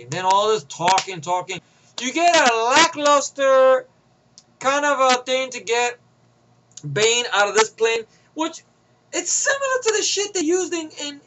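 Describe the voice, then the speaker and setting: A man's voice: very high voice, noisy background. A young man giving a rambling, profane, sarcastic movie review in a casual rant.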